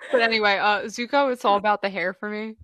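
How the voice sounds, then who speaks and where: A woman's voice: mid-range voice, fairly even intonation, quick pace, fairly bright tone, no room sound. A young woman chatting casually on a voice call, giggly and full of "like". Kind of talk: casual chat. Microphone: voice chat call.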